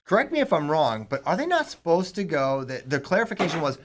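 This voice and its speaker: A man co-hosting a studio show, joking and bantering in a relaxed way. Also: on the high side, fast talker, a little hiss or hum. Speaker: podcast co-host. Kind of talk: casual studio chat about wrestling.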